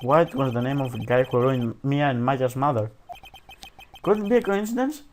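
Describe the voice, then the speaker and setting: With a faint hiss or hum in the background, a male let's play commentator voices a courtroom game's lines at normal speed, his medium-pitched delivery expressive. Jokey asides break up the reading, and his casual, self-deprecating talk is full of "dude" and "like."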